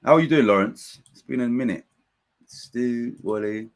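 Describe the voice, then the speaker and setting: A man hosting a live football watchalong, commenting on play and reading out viewers' chat messages in an excitable, chatty way. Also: medium pitch, moderate pace. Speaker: watchalong host.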